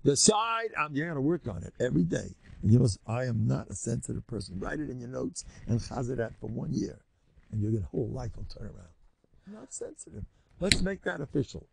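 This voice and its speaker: Gravelly, animated older rabbi lecturing. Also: male voice, fairly quick. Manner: animated, jumps high in pitch when mimicking.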